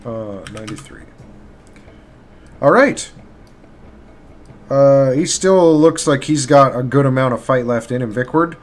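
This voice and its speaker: A man narrating as game master for a live tabletop game, halting and filler-heavy as he describes the action. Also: mid-range voice. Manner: halting, with many fillers and restarts. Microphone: streaming mic.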